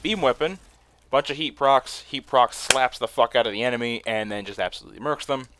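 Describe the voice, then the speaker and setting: A young man giving casual, excitable commentary while playing a video game, laughing often and swearing now and then. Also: mid-range voice, fairly quick, noisy background. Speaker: gaming streamer.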